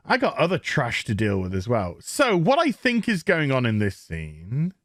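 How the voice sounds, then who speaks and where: A man's voice: fairly high pitch, huge pitch swings, normal speed, hardly any pauses, a bit bright, no room sound, clean studio sound. A man with a Northern English accent recapping a TV episode in a crude, mocking rant, putting on silly voices for the characters. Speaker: TV show reviewer.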